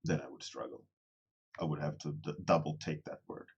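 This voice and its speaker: A man's voice: rumbling low, fairly even intonation, a little fast, gravelly, slightly rough, dull audio. A man casually chatting with viewers during a livestream, rambling and self-deprecating, often restarting his phrases as he thinks aloud. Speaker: artist streaming a daily warmup.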